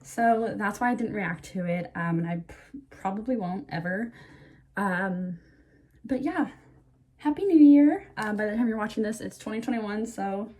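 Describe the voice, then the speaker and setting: A young woman talking casually to camera in a storytime vlog, full of fillers and "like", getting animated when she quotes people. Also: mid-range voice, normal speed. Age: young adult. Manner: chatty, lots of fillers and "like"; animated when quoting others. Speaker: vlogger.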